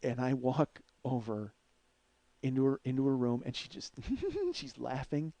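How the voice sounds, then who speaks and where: A man's voice: medium pitch, steady tone, normal speed, dry recording. A middle-aged man telling a heated personal story as a podcast host, swearing constantly and acting out the quotes in it. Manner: profane, heated, acts out quotes loudly. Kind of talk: storytelling monologue.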